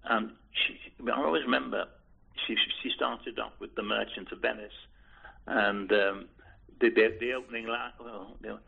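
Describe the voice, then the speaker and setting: A man in his eighties, from Liverpool, recalling his past in an oral history interview, hesitant and repeating words with soft chuckles. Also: lowish voice, fairly even intonation, normal speed, creaky, breathy edge. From Liverpool, England. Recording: tinny phone-like recording.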